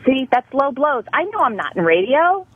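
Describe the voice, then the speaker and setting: A woman's voice: high voice, big pitch swings, normal speed, breathy edge, no echo, narrow, tinny audio. A woman calling in to a radio talk show, pleading and scolding with passion. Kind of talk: heated call-in confrontation.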